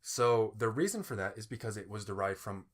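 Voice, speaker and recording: A man from Indiana co-hosting a podcast, explaining things in a relaxed, rambling way with fillers and restarts. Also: lowish voice, brisk. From Indiana, US Midwest. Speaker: podcast co-host. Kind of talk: casual chat.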